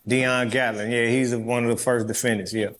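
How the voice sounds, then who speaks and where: A man's voice: mid-range voice, little pitch movement, moderate pace, a bit bright. A middle-aged man, a guest in an interview, telling a story in a blunt, streetwise way and swearing freely.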